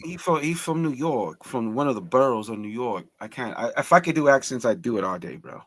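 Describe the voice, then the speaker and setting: A man's voice: mid-range voice, animated, a little fast, no echo. Rambling man saying bro on a stream. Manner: loud, rambling, repeats words, says bro a lot. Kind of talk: casual live-stream banter.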